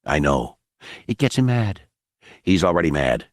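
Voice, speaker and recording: A male narrator voicing a calm, stern general who speaks in clipped, controlled orders. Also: sits low, unhurried, no echo, studio quality.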